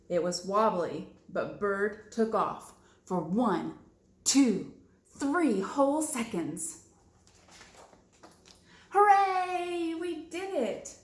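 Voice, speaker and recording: A woman reading a picture book aloud for small children, slow and gentle with playful asides to her listeners. Her voice carries a noticeable echo from the room she reads in. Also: fairly low pitch. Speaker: children's librarian. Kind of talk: storytime read-aloud for preschoolers.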